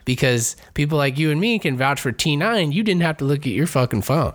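A man's voice: fairly high pitch, lively intonation, brisk. A young man co-hosting a casual podcast chat, rambling with lots of fillers and swearing. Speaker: podcast co-host.

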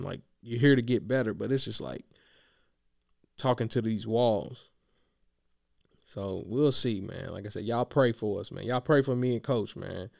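A man coaching youth basketball, venting in a casual vlog monologue, slangy and animated, worn out from yelling. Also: medium pitch, gravelly, dry recording, studio quality.

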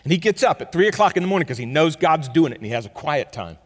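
Animated preacher man in reverberant hall. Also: a little high, fast. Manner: animated storytelling, swings from loud to quiet. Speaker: pastor. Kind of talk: sermon.

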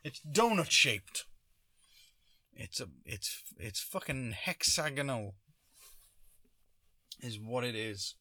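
A man's voice: mid-range voice, expressive, slow pace, long pauses, sharp tone, no room sound, clean studio sound. A man talking alone in a rambling, sarcastic way, often stopping himself mid-thought. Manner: rambling, sarcastic, self-interrupting. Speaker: vlogger. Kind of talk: casual solo monologue.

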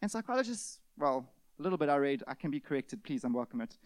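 High-voiced pastor preaching with shouted outbursts. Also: male voice, fast talker, no room sound. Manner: animated, acts out scenes with sudden shouted outbursts. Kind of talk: sermon.

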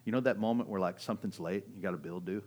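A middle-aged man preaching a sermon as pastor, talking in a conversational way that swings from loud and urgent to hushed, often checking in with "right?". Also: sits low, fast. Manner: keeps asking "right?" to the audience.

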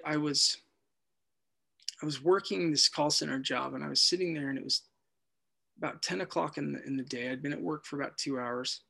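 Man, slightly higher register, gravelly; earnest halting testimony. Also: bright, forceful tone. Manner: earnest, halting, with many restarts. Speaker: guest telling his life story. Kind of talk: personal testimony.

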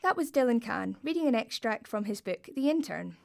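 A woman's voice: a little high, expressive, brisk, creaky, a little mellow. A woman hosting a publisher's podcast, reading a scripted, upbeat introduction. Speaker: podcast host.

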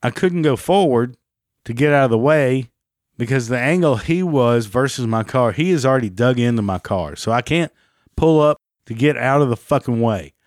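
A man's voice: expressive, normal speed, no echo, clean studio sound. Furious man retelling a car crash. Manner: heated, heavy swearing, rising pitch when agitated. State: still angry about the event. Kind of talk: angry personal storytelling.

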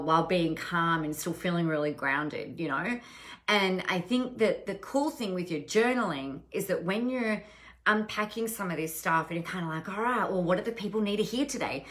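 A woman's voice: on the low side, fairly bright tone. A woman business coach talking casually on a live stream, frank and swearing freely, with many restarts.

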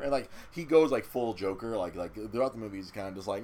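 Man, low voice, casual swearing movie recap, slight hiss behind. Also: quick pace, hardly any pauses. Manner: animated, swears freely, acts out quotes in silly voices.

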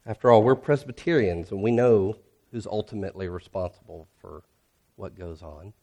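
A man's voice: low-pitched, normal speed, creaky, dark tone, muffled recording. A male pastor preaching a sermon in a conversational way, posing rhetorical questions and reading scripture aloud with rising intensity.

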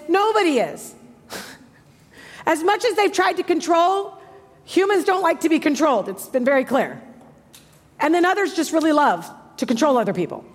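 A woman in her thirties preaching a sermon with passion, moving between hushed, soft lines and emphatic ones. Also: extremely high pitch. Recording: long hall reverb.

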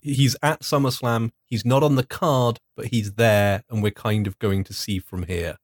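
A man in casual podcast chat, explaining in a measured way with many fillers. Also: medium pitch, steady tone, no echo. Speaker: podcast co-host.

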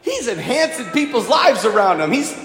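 Animated preacher in an echoey church. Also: male voice, extremely high pitch, moderate pace. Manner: animated storytelling with put-on voices for quoted people. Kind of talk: sermon. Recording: echoey hall with long reverb.

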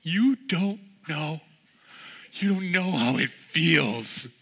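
A man's voice: on the high side, lively intonation, very slow, creaky, bright, forceful tone, slightly rough, pitched above the performer's own voice, heavily acted. A man voicing a young boy who is devastated and protesting after losing a game. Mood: wailing. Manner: wailing, protesting.

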